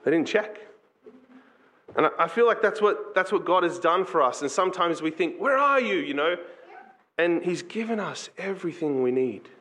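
A man preaching a sermon as pastor, earnest and conversational, slipping into quick acted asides. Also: a little high, animated, a bit bright.

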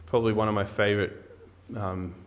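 A man's voice: lowish voice, flat delivery, a little fast, lo-fi sound. A man preaching a sermon, reading scripture aloud and then explaining it in an earnest, emphatic way with occasional fillers and restarts.

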